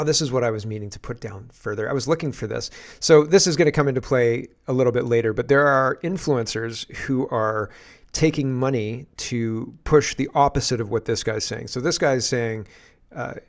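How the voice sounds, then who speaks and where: A man's voice: medium pitch, moderate pace. A man hosting political commentary, reacting to clips with sarcastic asides and frequent restarts.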